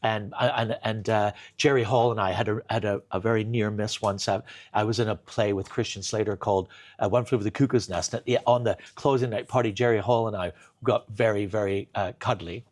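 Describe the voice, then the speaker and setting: A man telling a long comic story in a kitchen chat, animated, full of restarts and bursts of laughter. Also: fairly low pitch, brisk. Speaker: comedian guest.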